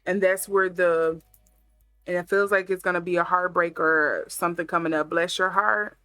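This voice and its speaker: A woman's voice: fairly low pitch, little pitch movement, normal speed, sharp tone, no room sound, faint music behind. Musing woman reading tarot cards. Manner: musing, thinking aloud with many fillers. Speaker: tarot reader. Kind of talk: casual intuitive tarot reading.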